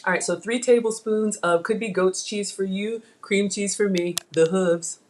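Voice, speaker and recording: A woman's voice: mid-range voice, fairly even intonation, moderate pace, darkish tone. A middle-aged woman hosting a live cooking stream from her home kitchen, chatting with viewers and calling them y'all. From Africa. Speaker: cooking channel host.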